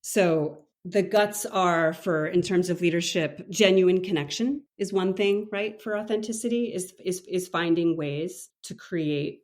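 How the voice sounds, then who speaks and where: A middle-aged woman from Maine, co-author and leadership coach, talking in an animated podcast conversation and acting out quoted voices with frequent laughs. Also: lowish voice, measured pace, few pauses.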